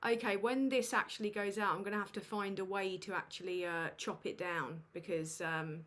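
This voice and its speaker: A woman's voice: mid-range voice, fairly even intonation, normal speed, fairly bright tone. Woman, livestream host, flustered, self-mocking, casual swearing, desk mic, home setup. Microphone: USB desk microphone.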